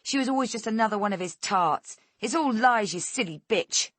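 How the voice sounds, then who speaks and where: A woman's voice: medium pitch, lively intonation, normal speed, fairly bright tone, no echo, voice pushed up. A woman voicing a cruel, taunting female captor who sneers and snaps. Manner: sneering and snapping.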